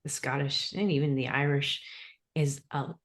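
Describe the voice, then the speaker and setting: A woman's voice: rumbling low, steady tone, normal speed. A woman from Canada hosting a podcast interview, bubbly, effusive and playful. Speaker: podcast host. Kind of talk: casual interview chat.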